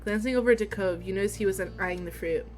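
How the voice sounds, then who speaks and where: A young woman streaming a story game, reading the text and dialogue aloud in a steady voice and breaking into giggles and swearing between lines. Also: medium pitch, fast talker, soft background music.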